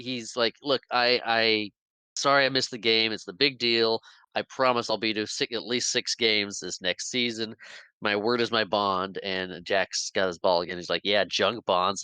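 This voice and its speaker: Retelling a film's scenes in a casual recap chat, a podcast co-host gets animated, voicing the characters' lines and laughing. His fairly low voice has a clear, resonant tone, though the recording is rough and has no room sound.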